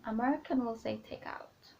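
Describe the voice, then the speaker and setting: A woman's voice: a little high, moderate pace, creaky, highs cut off, slight background noise. A woman from the Philippines, chatting casually in a vlog, with frequent ums and restarts. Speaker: vlogger.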